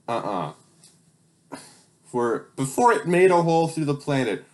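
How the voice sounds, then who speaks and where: A man's voice: on the high side, big pitch swings, a little slow, pauses often, a little mellow. A young man reading his childhood stories aloud, breaking off for incredulous, sarcastic, swearing asides. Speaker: channel host.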